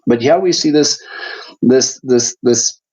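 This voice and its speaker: A man's voice: medium pitch, slow pace, darkish tone, rough recording. A man teaching an online Bible study in a chatty way, with many fillers and restarts.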